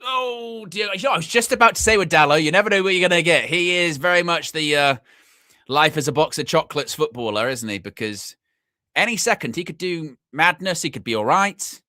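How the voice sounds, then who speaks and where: A young man hosting a live football watchalong, chatty and excitable, shouting when his team scores. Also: on the high side, fairly quick, no room sound, studio quality. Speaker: fan watchalong host.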